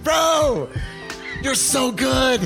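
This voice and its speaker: A man's voice: very high-pitched, expressive, very slow, creaky, raised voice, over music. A man co-hosting a podcast, easily amused and laughing a lot in playful casual chat. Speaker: podcast co-host.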